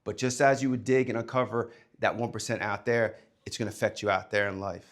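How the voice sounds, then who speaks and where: A man and former coach giving a motivational talk to young people, emphatic, swinging between loud and hushed delivery. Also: fairly low pitch, steady tone, fairly quick.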